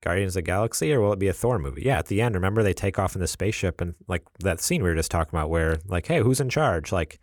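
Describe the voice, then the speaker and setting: A man with a very low voice chats casually as a podcast co-host. He retells scenes with bursts of quoted lines and frequent laughter. The sound is dry and close, with no room echo. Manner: animated, acts out movie scenes with quick quoted voices and laughs. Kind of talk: casual chat.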